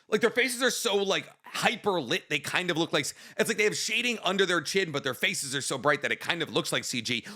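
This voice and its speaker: Man, podcast co-host, joking banter, bright voice, lively pitch. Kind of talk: casual chat.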